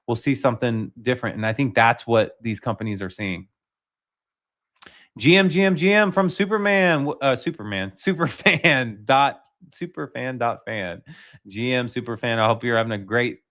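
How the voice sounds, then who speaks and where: A man's voice: medium pitch, fairly bright tone. A man hosting a casual livestream, talking loosely with many fillers and restarts. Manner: rambling, filler-heavy, frequent restarts. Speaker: livestream host.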